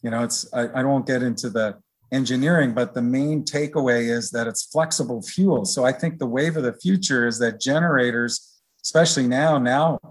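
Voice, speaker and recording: Man, husky, middle-aged, interview guest, loose talk full of fillers. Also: mid-range voice, normal speed. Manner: relaxed, rambling explanations with many fillers. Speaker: research director guest. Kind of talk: conversational interview.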